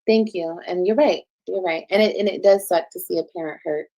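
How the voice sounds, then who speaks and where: A woman's voice: lowish voice, fairly quick, mellow, low-quality recording. A woman in her thirties talking on a livestream, defensive and explaining herself, with the odd cuss word. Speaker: livestreamer being reacted to. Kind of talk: casual livestream talk.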